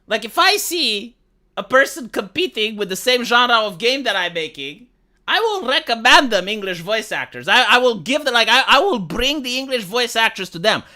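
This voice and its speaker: A woman with a Montreal accent ranting profanely to her live-stream audience. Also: fairly high pitch. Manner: profane, exasperated, fast and animated. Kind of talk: casual live-stream rant.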